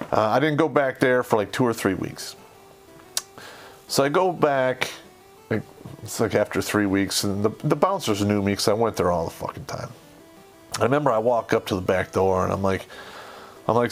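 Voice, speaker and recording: A middle-aged American man hosting a podcast, telling rough war-story-style anecdotes in casual, profane talk and laughing at his own stories. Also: on the low side. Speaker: podcast host.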